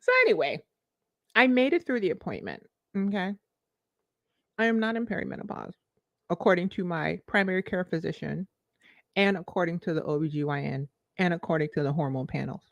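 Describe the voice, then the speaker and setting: A woman in her forties telling a personal story to her live-stream viewers, expressive and confiding, with sudden leaps in pitch. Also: no echo, clean studio sound. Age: 40s. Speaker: vlogger, life coach.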